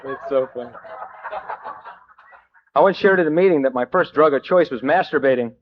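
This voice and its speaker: A man telling his own recovery story to a meeting, with wry self-mocking humor and halting, filler-heavy delivery. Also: on the high side, background noise. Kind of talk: personal recovery story told to a group. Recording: dull old cassette tape.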